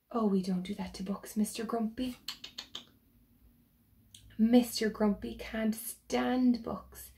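A woman teacher reads a picture book aloud to young children, taking her time and asking them questions along the way. Her voice is mellow and dark with a gravelly fry, and her pace is very slow. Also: on the high side, steady tone, slight background noise.

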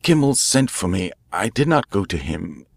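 A man's voice: deep voice, very animated, normal speed, vocal fry, dry recording, exaggerated voice. A man reading a classic mystery aloud, voicing a nervous male prisoner who pleads and confesses in a strained, broken way. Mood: confessing. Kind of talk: audiobook character voice.

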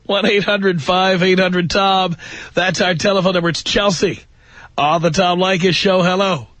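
A man's voice: high-pitched, steady tone, normal speed, fairly bright tone, dry recording. A man in his fifties hosting a call-in radio talk show, opinionated and wry. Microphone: studio microphone.

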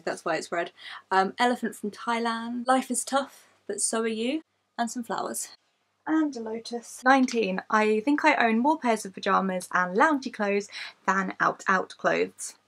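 A woman's voice: a little high, moderate pace, creaky, a bit bright. A woman in her late twenties from Kent with an English accent, chatting to camera as a YouTuber and listing facts about herself, candid and self-mocking, swearing freely. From England, Kent.

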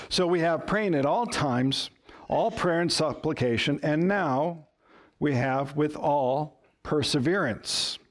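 A man preaching a sermon in a relaxed, chatty style. His voice sits a bit high for a man. He tells stories and puts questions to the congregation with a light touch of humor. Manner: conversational storytelling with humor and rhetorical questions. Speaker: pastor.

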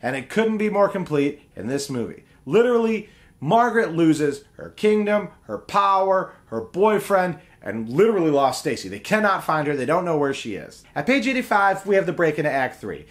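A film review host breaks down a movie casually, retelling scenes in animated character voices and laughing often. He talks at normal speed, his slightly high pitch swinging widely.

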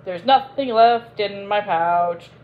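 A carefree young man in a storybook, drawling slowly and loudly with easy unconcern, as a woman reader puts him on. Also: mid-range voice, dull audio, slight background noise, close to an everyday voice.

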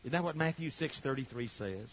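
With a brisk, medium-pitched delivery, an older preacher animates his sermon's stories by voicing the people he quotes. The audio is lo-fi and dull.

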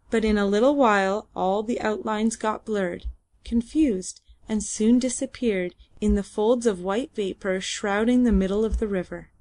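A woman reading a classic novel aloud as an audiobook narrator, at a measured, even pace. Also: mid-range voice. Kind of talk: scripted narration.

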